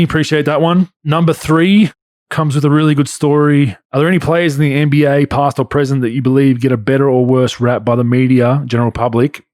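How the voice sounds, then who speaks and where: A man's voice: medium pitch, darkish tone, no echo, studio quality. A man from Australia with an Australian accent, hosting a podcast in casual, blunt chat and reading out listener questions. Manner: laid-back, blunt, swears casually. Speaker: podcast host.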